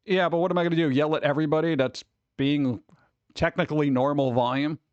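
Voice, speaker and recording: A man's voice: a little high, fairly even intonation, fast talker, darkish tone, clean tone, no room sound, dull audio. A man chatting casually with his stream chat, rambling with many restarts. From New York. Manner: rambling, restarts, mimics people in quotes.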